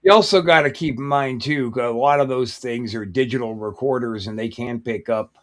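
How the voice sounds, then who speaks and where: A man's voice: mid-range voice, fairly quick. A man co-hosting a casual chat in a blunt, profane, skeptical way. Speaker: podcast co-host.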